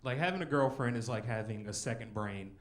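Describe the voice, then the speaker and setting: A man in his twenties performs a rambling, self-mocking stand-up set in a comedy club, leaning heavily on "you know" and "like." His mid-range voice is brisk.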